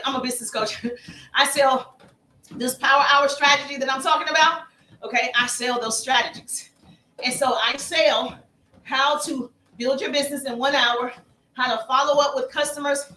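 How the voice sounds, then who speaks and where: Energetic woman business coach, high and sharp, motivational live-stream delivery in a roomy space. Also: a little hiss or hum. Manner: energetic, repetitive, calls listeners baby.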